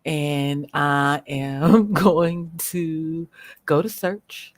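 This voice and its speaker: A woman hosting a livestream, speaking bluntly and with profanity as she rants at viewers, slowing down to stress her words. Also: low-pitched, fairly even intonation, dry recording. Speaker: livestream host. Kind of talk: unscripted livestream commentary.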